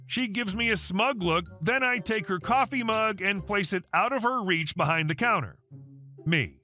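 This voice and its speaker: A man reads a scripted online story in a lively, animated way, his pitch rising and falling as he tells it. His voice sits high and sounds bright and sharp. Faint music plays softly beneath him. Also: normal speed. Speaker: story narrator. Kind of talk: scripted narration of a reddit story.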